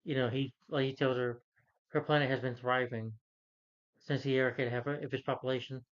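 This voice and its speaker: A man retells a film's story in loose, casual talk, stumbling over names and correcting himself. His voice sits at an ordinary middle pitch. The recording sounds muffled and lo-fi. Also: level tone, fairly quick. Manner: rambling, many fillers and self-corrections. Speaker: film reviewer. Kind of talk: casual movie plot recap.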